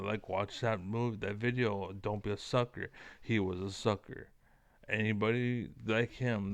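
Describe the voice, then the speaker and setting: A man's voice: lowish voice, creaky, dry recording. A man delivering a profane, rambling, combative rant to the camera as an online commentator. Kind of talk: ranting monologue to camera.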